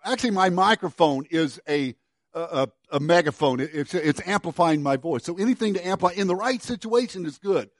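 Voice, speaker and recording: A middle-aged man preaching a sermon in a conversational way, restarting and repeating words, and dropping to a quiet low voice on key words. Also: expressive, a little fast, no echo, clean studio sound. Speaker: pastor.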